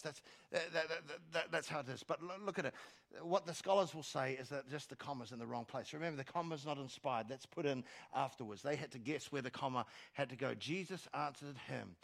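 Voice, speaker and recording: A man preaches from a church stage in a slightly raised, gravelly voice. He shifts between quiet asides and loud, rising exhortation, and stumbles over repeated words as he starts a phrase. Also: a little high, a little fast. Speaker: pastor. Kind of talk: sermon.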